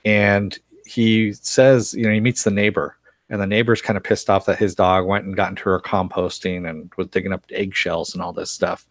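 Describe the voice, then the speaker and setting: A man with a low-pitched voice and little pitch movement talks at a moderate pace, with no echo. He runs a casual live-stream recap of a TV series, reading viewers' comments aloud, laughing often, and rambling through fillers and restarts.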